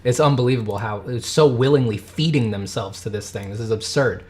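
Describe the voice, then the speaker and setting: A man's voice: medium pitch, a little fast. Angry man ranting on a livestream. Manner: heated, swearing, swings from shouting to muttering. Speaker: livestream host reading chat. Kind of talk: casual livestream rant.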